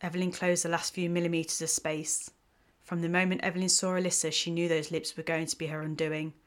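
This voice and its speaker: A woman's voice: on the low side, flat delivery, brisk. Woman narrating a romance story.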